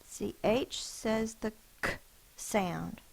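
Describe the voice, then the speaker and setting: Woman, teacher, phonics lesson, slow deliberate pace, careful sounding out, mid pitch. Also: gravelly, low-quality recording.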